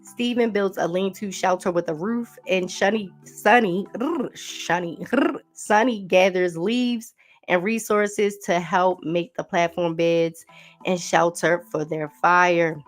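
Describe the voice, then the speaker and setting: A woman's voice: lowish voice, steady tone, a little slow. A woman hosting a podcast, giving a casual recap and talking straight to her listeners. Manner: chatty, talks straight to listeners with "y'all" and "honey". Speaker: podcast host. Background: faint background music.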